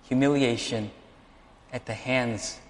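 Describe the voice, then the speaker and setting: A man preaching a sermon, animated, acting out the lines of the people in his story. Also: medium pitch, takes it slowly, big-room sound, a little hiss or hum. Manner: animated preaching, acts out dialogue. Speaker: pastor.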